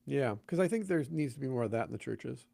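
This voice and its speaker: A man's voice: medium pitch, fast, creaky, no room sound. A man, a pastor, talking casually in a podcast conversation, telling stories and acting out the voices of the people he quotes. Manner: animated storyteller, acts out quoted voices.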